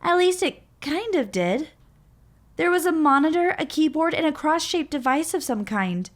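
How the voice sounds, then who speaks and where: A man reading game narration aloud as a young woman, in a steady storybook manner. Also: extremely high pitch, normal speed, heavily acted.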